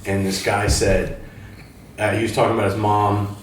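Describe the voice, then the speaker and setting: A man's voice: fairly low pitch, flat delivery, normal speed, a little hiss or hum. A man telling rambling anecdotes in casual chat. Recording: distant mic in a very echoey room.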